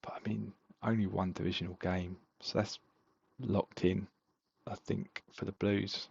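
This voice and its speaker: A man's voice: deep voice, unhurried, vocal fry, husky, no room sound, highs cut off. A man co-hosting a podcast, chatting casually and rambling about game results. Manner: relaxed, rambling with fillers. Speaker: podcast co-host. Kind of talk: casual chat reviewing fantasy football games.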